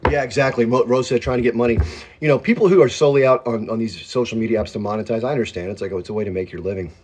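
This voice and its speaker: A man's voice: medium pitch, rapid-fire, darkish tone, slight background noise. A man hosting a casual livestream from home, rambling and greeting viewers by name as their comments come in. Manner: self-described hyped-up talker. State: chewing while talking. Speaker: livestream host. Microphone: phone.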